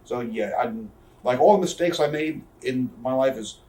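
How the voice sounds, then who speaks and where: A man's voice: mid-range voice, animated, warm tone, distant mic. A man in his thirties, an interview guest telling profane stories and acting out what others said. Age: 30s. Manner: profane, rapid storytelling that acts out quoted people. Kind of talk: casual storytelling in a shoot interview. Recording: roomy echo, speaker off-mic.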